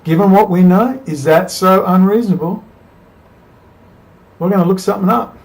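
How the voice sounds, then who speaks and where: A man's voice: high-pitched, normal speed, pauses often, a little mellow. A man giving a combative, profane monologue to camera, firing off rhetorical questions as a political commentator. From Australia.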